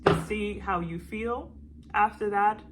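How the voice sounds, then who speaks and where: A young woman hosting a self-help video, explaining a process in a relaxed, gentle way with frequent fillers and restarts. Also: medium pitch, takes it slowly, heavy background noise. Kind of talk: casual instructional talk.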